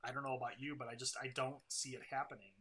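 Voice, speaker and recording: Male podcast co-host, bright forceful voice, rambling opinionated game talk. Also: mid-range voice, level tone, fast. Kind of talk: casual gaming podcast chat.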